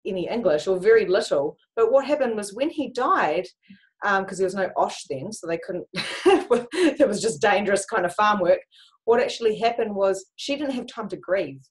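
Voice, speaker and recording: A woman's voice: mid-range voice, low-quality recording. Chatty woman life coach on a video call. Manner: animated storyteller, frequent fillers and restarts. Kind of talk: conversational video-call chat.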